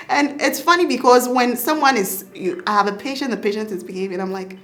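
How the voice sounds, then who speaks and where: A woman's voice: on the high side, fast, few pauses. A woman with a Ghanaian accent, a doctor and mother, tells her birth story in a casual interview, acting out her own past words with laughter.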